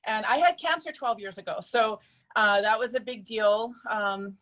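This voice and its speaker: Chatty, earnest higher-voiced woman. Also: normal speed, a bit bright. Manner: chatty and earnest, with frequent fillers. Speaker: person giving a testimonial. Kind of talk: personal testimonial to a group.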